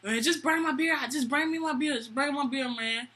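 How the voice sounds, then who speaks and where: Woman putting on a loud, slurring drunk guy. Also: high voice, brisk. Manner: slurring, shouting, indignant. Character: loud, angry drunk young man on a date.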